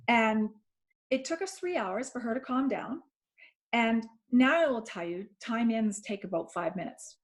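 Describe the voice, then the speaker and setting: A woman's voice: a little high, animated, unhurried. A woman parenting coach talking earnestly on a video call, often repeating herself and acting out what she and her child said. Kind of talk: casual webinar chat.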